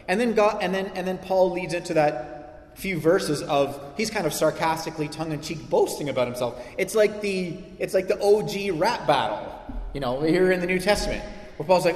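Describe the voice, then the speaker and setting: A male pastor preaching a sermon, animated, acting out quoted voices with sarcasm. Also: on the high side, normal speed. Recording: echoey hall reverb.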